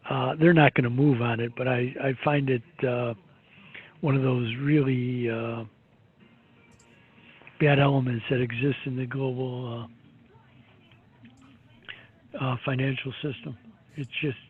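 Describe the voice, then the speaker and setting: A man's voice: mid-range voice, fairly even intonation, slow, pauses often, slightly rough. Opinionated man on a tinny line. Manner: opinionated, rambling, many fillers and restarts. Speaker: market commentator guest. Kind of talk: casual market commentary.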